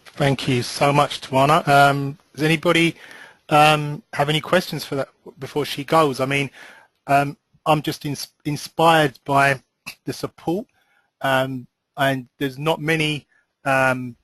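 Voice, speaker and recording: A British man hosting a group call, thanking his guest with many ums and pauses. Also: on the high side, little pitch movement, a bit bright, no echo, low-quality recording. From United Kingdom. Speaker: host of the call.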